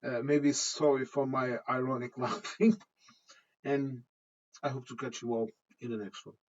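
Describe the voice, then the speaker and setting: A man's voice: mid-range voice, steady tone, measured pace, muffled recording. A man talking to camera in a rambling personal monologue, often repeating "okay?". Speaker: vlogger.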